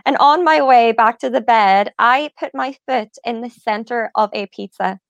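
A woman co-hosting a podcast, telling a quick, chatty anecdote. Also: a little high, vocal fry, no room sound, highs cut off. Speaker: podcast co-host. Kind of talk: casual chat.

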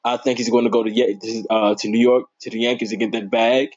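Excitable man on a lo-fi sports podcast. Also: brisk, husky. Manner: animated, voice jumps high when excited; informal, slangy and playful. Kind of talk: casual sports talk. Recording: dull lo-fi recording.

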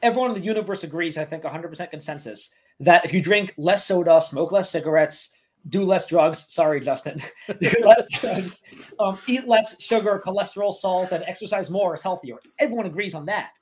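A man's voice: sits high, a little fast. Argumentative man making points on a podcast. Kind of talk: casual podcast panel talk.

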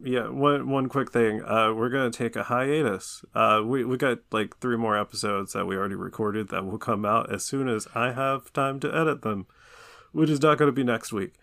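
A man's voice: mid-range voice, normal speed, gravelly, fairly bright tone, no echo. A man hosting a podcast in casual chat, laid-back and crude. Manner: laid-back, laughing along, crude humor. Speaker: podcast host.

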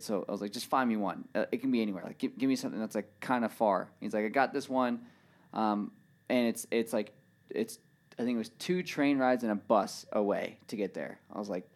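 A man's voice: fairly low pitch, a little fast. A man telling a rambling travel story in casual chat, full of "like" and "dude". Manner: rambling, animated, says "dude" and "like" a lot.

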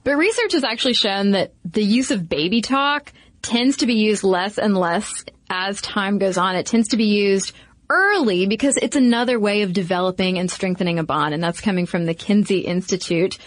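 A woman's voice: mid-range voice, dry recording. Woman podcast co-host, chatty explainer, dry close mic. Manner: explains research in a chatty, lively way. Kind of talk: casual podcast chat.

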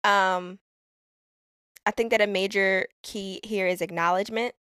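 A woman's voice: medium pitch, unhurried, dry recording. Chatty woman in a dry room. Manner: animated, laughing, slangy storytelling. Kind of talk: casual conversation.

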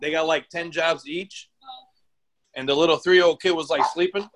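A man's voice: fairly high pitch, steady tone, moderate pace, background noise. A man co-hosting a podcast in casual chat, loose, joking and profane. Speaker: podcast co-host.

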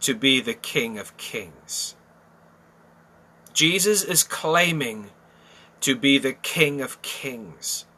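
Bible teacher, man, slow and deliberate, sharp bright tone, emphatic with rhetorical questions. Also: mid-range voice, lively intonation. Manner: emphatic, repeats phrases, asks rhetorical questions.

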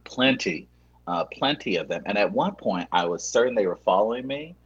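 Deadpan low husky-voiced man. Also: normal speed, lo-fi sound. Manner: deadpan, mock-earnest. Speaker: show regular reporting from a trip. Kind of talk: deadpan comic chat.

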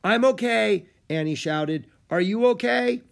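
A man's voice: sits high, measured pace, voice pushed up. A man voicing an eager little girl. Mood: anxious. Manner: excited, exclaiming. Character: bright eager young girl, animal lover.

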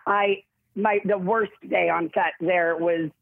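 A woman actress in a casual interview, telling stories in a rambling, self-interrupting, animated way with a husky voice. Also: fairly low pitch, takes it slowly, no echo. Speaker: actress guest. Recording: tinny phone-like line, dry.

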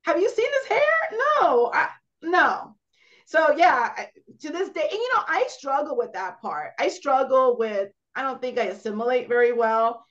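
A woman guest on a podcast, talking in a candid, animated way about her own experiences. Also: sits high, normal speed. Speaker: guest, travel co-founder. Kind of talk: casual chat. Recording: slightly dull lo-fi sound.

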